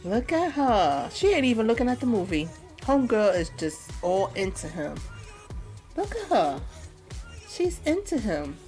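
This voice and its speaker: A woman's voice: medium pitch, big pitch swings, a little slow, dark tone, faint music behind. A woman hosting a gameplay video, chatting playfully and casually with slangy asides. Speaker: let's play host.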